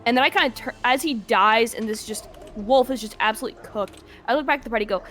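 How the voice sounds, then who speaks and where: A woman playing a tabletop role-playing game, excitable and giggly as she describes her actions. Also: on the high side, fast, slight background noise. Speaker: player. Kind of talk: tabletop role-play banter.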